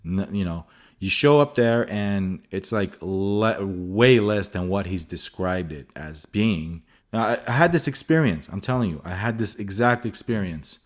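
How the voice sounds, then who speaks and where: A man's voice: low-pitched, lively intonation, measured pace. A man hosting a photography vlog, telling stories casually and animatedly with exasperation and restarts. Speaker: photography channel host.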